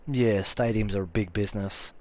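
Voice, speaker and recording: A young Australian man with a fairly low voice talks casually through a live game stream. He is offhand and sweary, and he answers viewers' comments as they roll in. A faint hum of room noise sits under his voice. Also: steady tone, moderate pace, a little mellow. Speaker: gaming streamer.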